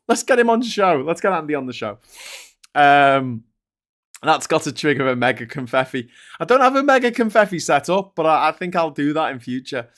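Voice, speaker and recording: A man's voice: fairly high pitch, fairly bright tone. A man from Liverpool with a Scouse accent, hosting a casual live-stream chat in a rambling, chatty way. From Liverpool, England. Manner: rambling, chatty, frequent fillers and laughs.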